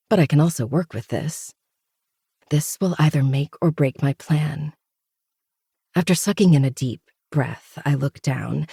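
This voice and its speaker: Brief: host narrating a novel, mellow dark tone, steady intimate delivery. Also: mid-range voice, gravelly, breathy edge, no echo, clean studio sound. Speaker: podcast host reading a novel. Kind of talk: first-person audiobook narration.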